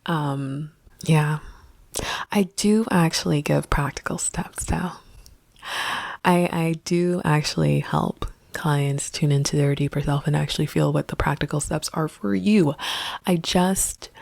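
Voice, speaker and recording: A woman spiritual coach musing in a reflective vlog monologue, often dropping to a soft half-whisper. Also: low-pitched, steady tone, measured pace, creaky, no room sound.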